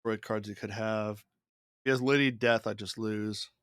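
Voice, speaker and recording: A gaming streamer with a fairly low, steady, smooth voice that's a bit bright mutters his moves and thoughts while playing a digital card game. He speaks at normal speed, and the studio sound is clean with no echo.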